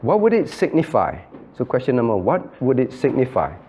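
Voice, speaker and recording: A man's voice: medium pitch, huge pitch swings, brisk, warm tone, husky, dull audio. A man, a pastor, leading an interactive Bible study, calling on listeners by name, repeating phrases and acting out quoted dialogue.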